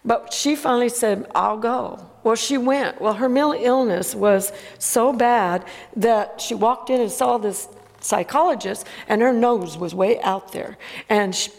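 A woman delivers an emphatic sermon and keeps asking her congregation for an amen. Her voice sits high, and a long reverb trails after her words as if she is in a large hall. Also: measured pace, a little mellow. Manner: emphatic, calls out for amens. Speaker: preacher.

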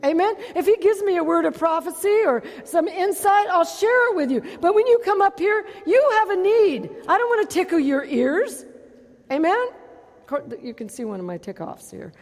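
A woman pastor preaching a sermon, calling out for amens and swinging between loud and hushed delivery. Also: very high-pitched, very animated, moderate pace, long reverb tail.

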